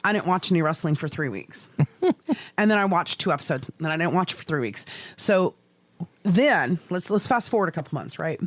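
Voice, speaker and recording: A middle-aged woman co-hosting a podcast, telling stories in a swearing, animated way with laughs, in casual chat. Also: on the low side, fairly quick, no room sound. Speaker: podcast co-host.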